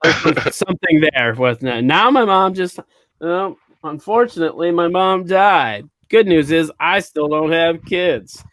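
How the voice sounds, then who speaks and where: A man with a fairly high speaking voice hosts a comedy podcast, workshopping jokes in loose, casual chat. He laughs often and riffs aloud. The sound is dry and close, with no room around it. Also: lively intonation, unhurried, fairly bright tone, no room sound.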